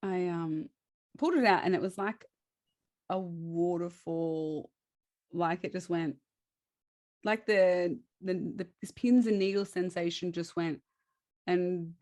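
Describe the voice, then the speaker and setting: A woman's voice: on the low side, darkish tone, no echo, clean studio sound. A woman, a guest chatting through a personal story, laughing often and restarting her sentences.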